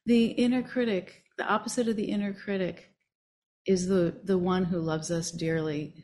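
A woman's voice: fairly low pitch, fairly even intonation, normal speed, dark tone, a little hiss or hum. A woman meditation teacher leading a group discussion, enthusiastic and affirming.

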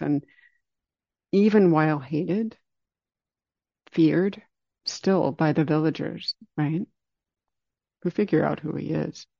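Man telling a dharma story, slow calm storyteller, dry dull recording. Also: a little high, vocal fry, no room sound. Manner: calm, unhurried, slows down for emphasis. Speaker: meditation teacher.

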